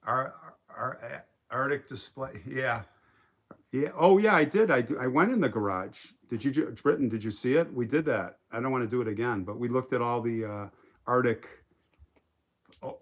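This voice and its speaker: A man hosting a casual live stream from a quiet home in the woods, rambling and reading viewer comments aloud. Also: mid-range voice. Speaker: livestream host.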